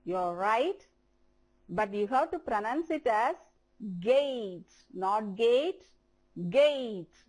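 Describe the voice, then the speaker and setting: On a televised lesson, an Indian English-accented woman teaches primary pupils English, pacing herself slowly and repeating words for them to copy. Her voice sits in the mid range and is expressive.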